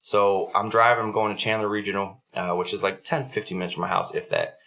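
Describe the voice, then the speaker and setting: A man's voice: on the low side, steady tone, fast, creaky, pushed and bright. A young adult man hosting a podcast, telling a story in a casual, profanity-heavy way. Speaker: podcast host.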